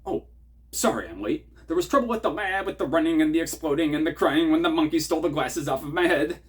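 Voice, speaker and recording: A flustered, nerdy cartoon scientist as a man imitates him, raised well above a normal speaking pitch. He gabbles in a breathless, tumbling rush, words piling onto each other. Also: animated, quick pace, natural voice.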